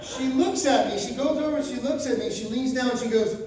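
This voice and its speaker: A man doing stand-up, spinning a story with animated delivery and bursts of shouting. The sound is very echoey, caught from a distance in a large room with faint ambient noise behind him. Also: extremely high pitch, fairly quick. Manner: animated, acts out characters, rising to shouts. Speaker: stand-up comedian. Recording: echoey room, mic from far off.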